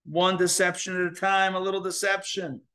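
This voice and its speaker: Rabbi guy, high voice, lively, acts out little inner voices while he teaches. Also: moderate pace. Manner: animated, acts out inner dialogues with shifting voices. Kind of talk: live Torah class.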